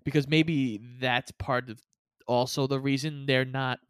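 A man co-hosting a casual podcast, summarizing a movie's plot in a measured, plain way. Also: mid-range voice, fairly even intonation, fairly bright tone, smooth, no echo. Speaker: podcast co-host. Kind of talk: casual chat recapping a movie.

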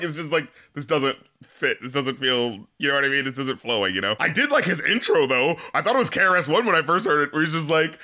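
Man, casual chat, animated, bright forceful tone, swears and laughs, mimics lyrics. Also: a little high, a little fast. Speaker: podcast co-host reviewing rap albums.

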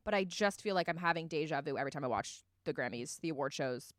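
A woman co-hosting a podcast in casual chat, chatty and quick, laughing easily. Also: deep voice, expressive, dry recording, clean studio sound. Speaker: podcast co-host. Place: from the DC area.

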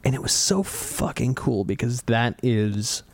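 A man's voice: mid-range voice, expressive, unhurried, no room sound. Blunt profane man, dry close sound. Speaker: podcast co-host. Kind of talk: casual opinionated podcast talk.

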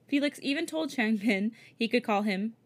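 A podcast co-host reads a fan story aloud in a casual way. Her voice sits a little high, and she often dissolves into giggles mid-sentence before carrying on with the story. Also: lively intonation, moderate pace. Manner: giggly, breaks into laughter while reading. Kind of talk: casual reading with giggling asides.

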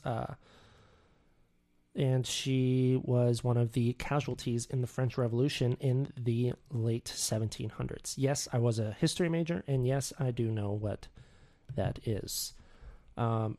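A man's voice: medium pitch, fairly even intonation, unhurried, mellow. Rambling man hosting a podcast alone. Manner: rambling, self-mocking, stumbles over names. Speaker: podcast co-host. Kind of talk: solo news podcast chat. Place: home office.

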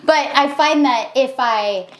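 A woman co-hosts a casual podcast chat in an earnest, self-mocking way and giggles easily. Her voice is high for a woman. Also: takes it slowly. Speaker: podcast co-host.

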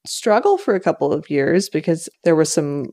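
A woman guest, a makeup artist, talking through her career in a relaxed, measured way on a casual podcast. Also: low-pitched.

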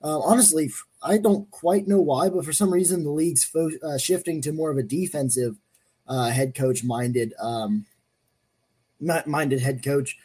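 A man's voice: fairly high pitch, normal speed, mellow, breathy edge. A man co-hosting a casual sports talk show, laid-back and full of fillers. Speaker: co-host.

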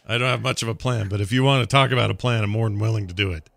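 A man's voice: on the low side, rapid-fire, creaky, a bit bright, dry recording. A man playing a tabletop game in character, hesitant and self-mocking, stumbling over his words. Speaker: player.

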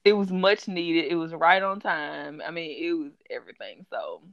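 A woman co-hosting a podcast, telling a story in casual chat with a gossipy, animated manner. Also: deep voice, normal speed, no room sound, highs cut off. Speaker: podcast co-host.

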